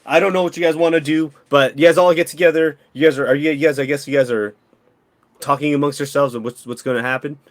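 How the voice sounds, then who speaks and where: A man's voice: fairly high pitch, steady tone, fast, no echo. Brief: a casual dungeon master who rambles, a man with a slightly raised voice. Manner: rambling, repeats words, loose and unsure. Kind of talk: running a tabletop game.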